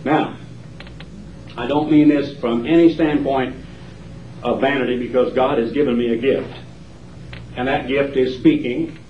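A male evangelist preaching a campaign sermon with emphatic, dramatic pauses, recorded live in a large hall. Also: medium pitch, fairly even intonation, a little hiss or hum. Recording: roomy hall, distant dull mic.

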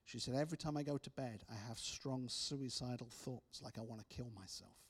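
Guy preaching, telling stories, trips over words a bit, goes quiet for effect. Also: medium pitch, fairly quick, breathy edge. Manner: storytelling with repeated restarts, soft dramatic drops. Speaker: speaker. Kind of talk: preaching testimony.

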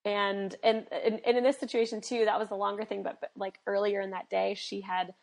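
A woman health coach talking in a casual podcast conversation, earnest and animated, with many fillers, acting out little dialogues. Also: medium pitch, a little fast, vocal fry. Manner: acts out quoted dialogue.

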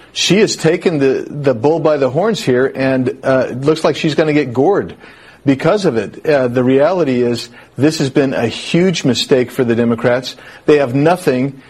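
A male congressman speaking as a guest in a political interview, measured and pausing often on fillers. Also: medium pitch, husky. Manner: measured, with frequent filler pauses.

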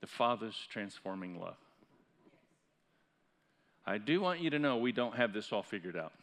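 A pastor preaching a sermon in a church, building up to loud, impassioned peaks. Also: male voice, lowish voice, big pitch swings, normal speed. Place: church sanctuary. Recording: church hall reverb.

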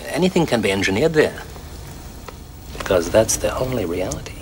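A man's voice: on the low side, sing-song, brisk. An actor playing an arrogant, confident male cameraman with a German accent and a bombastic, self-assured manner. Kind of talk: film drama acting. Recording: film clip with background noise.

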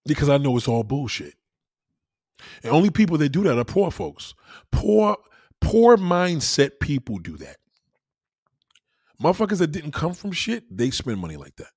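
A man's voice: fairly high pitch, sing-song, normal speed, pauses often, a little mellow, slightly rough, dry recording, studio quality. A man delivering a profane, emphatic ranting monologue full of rhetorical questions, talking to a livestream audience.

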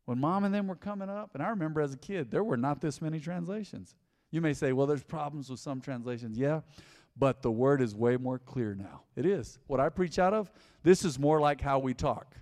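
Male pastor, slightly high voice, animated conversational sermon, long hall reverb. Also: a little fast. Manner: animated, conversational preaching with repetition. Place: church hall.

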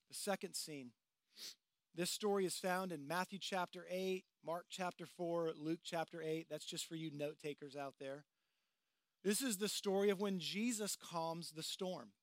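A man preaches a sermon outdoors by the water, speaking in a conversational, storytelling way. His voice sits high for a man, and the sound is dry and close to the mic. He slips into acting out the voices of the people in the story. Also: no room sound. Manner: conversational, dramatizing voices of the disciples. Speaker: pastor.

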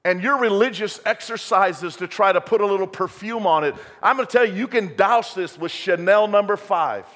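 A man's voice: sits high, moderate pace, hardly any pauses, fairly bright tone. Folksy preacher man in a reverberant church. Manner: folksy storytelling preacher, rising to emphatic bursts. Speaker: pastor. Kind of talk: sermon. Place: church sanctuary. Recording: long hall reverb.

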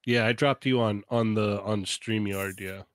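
A man's voice: on the low side, fairly even intonation, measured pace, no echo. A man hosting a casual live stream on a home studio mic, upbeat, laughing often and giving tech tips. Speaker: podcast host.

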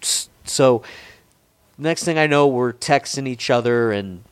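A man's voice: medium pitch, measured pace, clear, resonant tone, no echo. A man in his forties telling a long, rambling, profane story in a casual chat, with frequent restarts. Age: 40s.

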